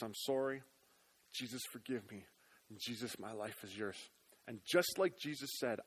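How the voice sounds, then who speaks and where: A male pastor with a medium-pitched voice preaches a sermon in church. He's earnest, sinking to hushed tones and then rising to loud appeals.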